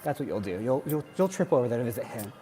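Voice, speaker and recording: A man's voice: medium pitch, lively intonation, quick pace, music in the background. A man, from Wisconsin, chatting and joking casually on a livestream while doing cardio. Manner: chatty, joking, laughs often. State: working out on cardio. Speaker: livestream host. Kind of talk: casual chat while exercising.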